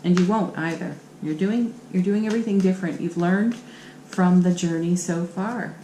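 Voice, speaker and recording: A woman with a fairly low voice reads tarot cards for her viewers. She talks in an affirming, encouraging way. The room gives an echoey sound over faint background ambience. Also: moderate pace, dark tone, slight background noise. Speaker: tarot reader. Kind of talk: channel tarot reading.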